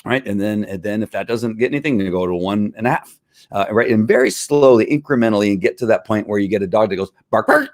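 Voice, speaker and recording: A man's voice: on the low side, quick pace, darkish tone, no echo, studio quality. A man explaining dog training in a casual, emphatic way, now and then imitating barking dogs.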